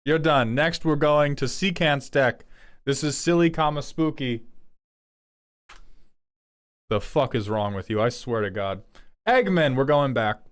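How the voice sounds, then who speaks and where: A lively, swinging male streamer who reviews viewers' card game decks on a live broadcast. He talks casually and swears freely, with his pitch bouncing all over as he breaks into sudden loud outbursts. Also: unhurried, long pauses. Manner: animated, profane, breaks into loud outbursts and laughter. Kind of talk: casual livestream commentary.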